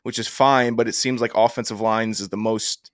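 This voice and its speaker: A man co-hosting a football podcast in a casual chat, teasing his co-host and acting out coaches' shouts. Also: fairly low pitch, flat delivery, moderate pace, clear, resonant tone, no room sound, studio quality.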